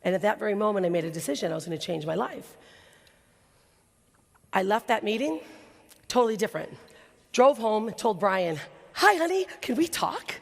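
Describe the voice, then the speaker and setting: Brief: woman keynote speaker, lively stage storyteller, slight vocal fry, big reverberant hall. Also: medium pitch, normal speed, long pauses. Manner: animated, acts out quoted voices. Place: large hall before an audience.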